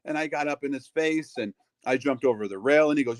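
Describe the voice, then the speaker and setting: Speaking fast with few pauses, a middle-aged wrestling ring announcer chats as a guest in a laid-back storytelling interview. His voice sits in the mid range with no echo, and his talk is loaded with fillers and performed quotes.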